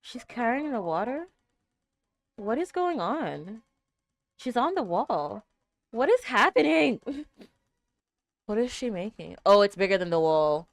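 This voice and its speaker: A young woman reacting to an anime episode, exclaiming and gasping, swinging between hushed murmurs and loud outbursts. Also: fairly high pitch, very animated, a little slow, long pauses. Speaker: reaction streamer.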